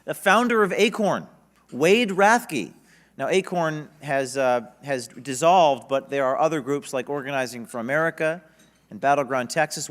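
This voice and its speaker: A man giving an energetic, emphatic speech at a conference. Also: a little high. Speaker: conference speaker. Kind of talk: public speech. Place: conference stage.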